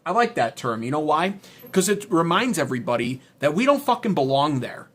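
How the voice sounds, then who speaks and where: A man's voice: a little high, very animated, brisk, fairly bright tone, breathy edge. Profane, sarcastic man streaming. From United States. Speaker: political commentary streamer. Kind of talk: livestream commentary reading chat.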